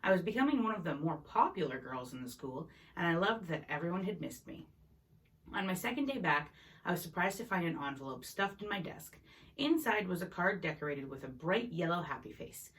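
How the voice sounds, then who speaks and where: A woman's voice: lowish voice, big pitch swings, a little fast, a bit bright. A woman reading a novel chapter aloud in an unpolished way, with small slips and restarts. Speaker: reader. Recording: voice a bit distant from the mic.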